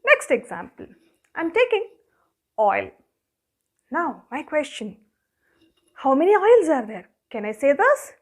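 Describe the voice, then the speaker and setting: A woman's voice: high voice, sing-song, slow, long pauses. A woman with an Indian English accent teaching a grammar lesson, asking questions and answering them herself as she counts objects aloud. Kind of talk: classroom lesson.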